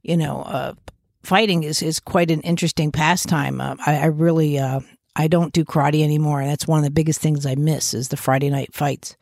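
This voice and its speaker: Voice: medium pitch, fairly even intonation, brisk, gravelly, dry recording, studio quality. A podcast host who works with children, explaining infant development in a conversational way, with frequent restarts and fillers. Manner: gives warm, reassuring asides. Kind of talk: casual explanatory podcast talk.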